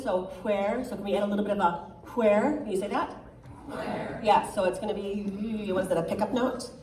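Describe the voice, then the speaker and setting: A woman's voice: medium pitch, darkish tone, a little hiss or hum. Upbeat woman coaching a choir, echoey. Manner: upbeat, encouraging, sometimes sings lines to demonstrate. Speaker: guest choir clinician. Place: choir rehearsal room. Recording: echoey room from far off, faint ambience.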